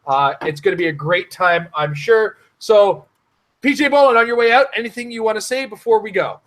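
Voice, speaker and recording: A man with a high-set voice hosts a casual live-streamed round table about a tabletop game. He jokes around and laughs often between remarks. He keeps the talk loose as he thanks everyone on the stream. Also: brisk, fairly bright tone.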